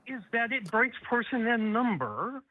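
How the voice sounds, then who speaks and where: A man's voice: extremely high pitch, very animated, over a noisy crowd. Defensive male caller on a tinny phone line. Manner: insistent, defensive, measured. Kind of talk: call-in debate.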